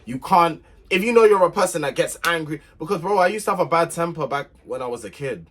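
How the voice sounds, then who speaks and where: A man's voice: on the high side, animated, fast talker, a bit bright. A young man telling a relationship story to camera in an emphatic, irritated rant, repeating himself to make his point. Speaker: vlogger.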